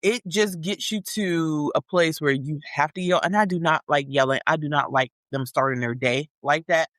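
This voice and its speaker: A woman's voice: low voice, normal speed, fairly bright tone, dry recording. A woman co-hosting a casual podcast chat, blunt and teasing, with plenty of slang. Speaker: podcast co-host.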